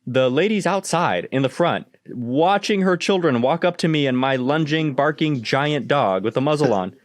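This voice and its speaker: A man hosting a casual podcast, telling dog-training stories in an animated, profane way and acting out the exchanges. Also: a little high, normal speed, no echo, studio quality.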